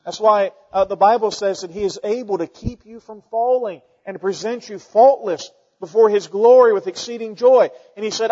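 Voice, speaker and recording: A man preaching a sermon, telling stories and swinging between loud emphatic peaks and quiet asides. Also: sits high, normal speed, few pauses, in a large hall, muffled recording.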